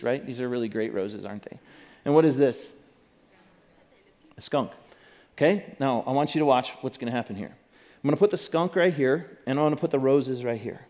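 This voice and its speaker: A man preaching a sermon on stage, conversational, asking the congregation questions and using props. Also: on the high side. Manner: conversational, asks the audience questions, demonstrates with props. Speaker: pastor. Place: church stage.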